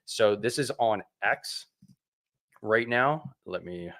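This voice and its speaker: A man's voice: on the low side, slow. Sarcastic man hosting a livestream. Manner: animated, sarcastic ranting. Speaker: host. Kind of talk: casual livestream chat.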